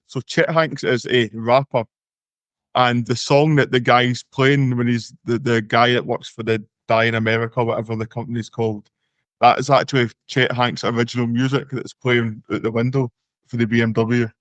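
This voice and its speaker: A man's voice: mid-range voice, level tone, normal speed, no echo. A young Scottish man co-hosting a casual podcast chat, easygoing and a bit hesitant as he shares trivia over a video call. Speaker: podcast co-host.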